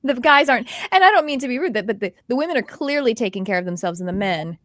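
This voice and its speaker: A woman's voice: a little high, fast talker, no echo. Middle-aged woman host, chatty, acts out little stories, dry close sound. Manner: animated storytelling with quoted dialogue and laughs. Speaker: host, intuitive development teacher. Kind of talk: casual chat.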